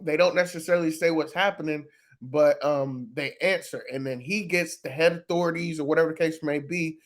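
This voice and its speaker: A man casually recapping a TV episode for his channel, loose and profane, with lots of fillers. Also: a little high. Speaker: reaction video host.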